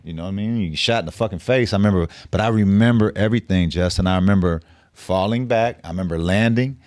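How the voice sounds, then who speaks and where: A middle-aged man appears as a podcast guest, telling a story in a casual, profane style full of street slang. His low, slightly mellow voice moves quickly, recorded at studio quality without room sound.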